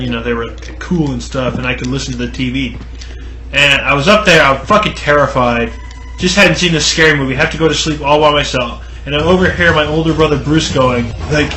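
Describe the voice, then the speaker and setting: A man's voice: medium pitch, sharp tone. A man telling a childhood story in a rambling, profane style, full of "like" and restarts. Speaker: podcast co-host. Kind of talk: comedic storytelling. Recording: roomy podcast audio with music behind.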